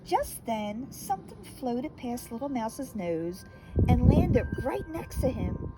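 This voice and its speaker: A woman reading a children's picture book aloud, gentle and expressive. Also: on the high side, takes it slowly, heavy background noise. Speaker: storyteller.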